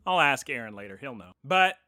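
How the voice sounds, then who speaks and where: A woman co-hosting a podcast in casual chat, rambling and animated. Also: extremely low pitch, fairly quick, no room sound, clean studio sound. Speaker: podcast co-host.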